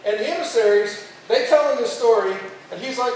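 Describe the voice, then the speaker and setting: A man's voice: high voice, animated, brisk, few pauses, darkish tone, a little hiss or hum. A man preaching at a youth camp, telling a story in a chatty, slangy way and acting out the characters. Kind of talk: casual storytelling sermon. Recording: echoey hall, far from mic.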